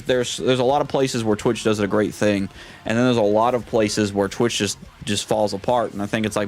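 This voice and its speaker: A man streamer in casual live-stream chat, rambling and often repeating and restarting his words. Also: medium pitch.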